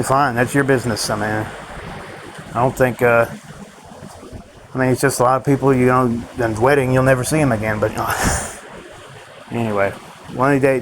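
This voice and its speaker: A man's voice: medium pitch, low-quality recording. A man ranting in a rambling vlog monologue, frustrated and swearing often, with faint vehicle noise behind him. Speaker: vlogger.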